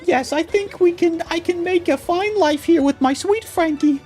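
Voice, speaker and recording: Man in falsetto as a very squeaky, soft female crewmate, game dub. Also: normal speed, faint music behind. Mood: content. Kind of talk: fan voice acting of a game.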